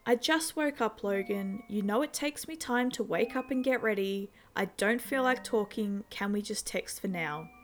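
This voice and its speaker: A calm, dismissive young woman, read by a female narrator. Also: mid-range voice, moderate pace, few pauses, slight background noise, close to an everyday voice. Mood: cool.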